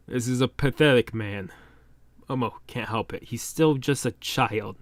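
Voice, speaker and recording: A young man reading a comic aloud and reacting excitedly, swearing casually as he goes. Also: medium pitch, a little slow, dry recording. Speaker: manga reaction host.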